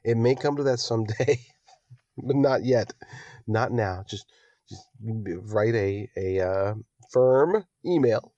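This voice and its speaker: A man hosting a political podcast, delivering a rousing monologue that builds to near-shouting exhortation. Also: on the low side, slow, dry recording, muffled recording. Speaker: podcast host.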